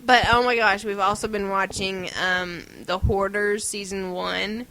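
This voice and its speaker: A woman's voice: mid-range voice, steady tone, unhurried, bright, forceful tone, slight background noise, low-quality recording. A woman hosting a podcast, chatting casually and rambling with lots of giggles and silly impressions. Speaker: podcast host. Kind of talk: casual chat.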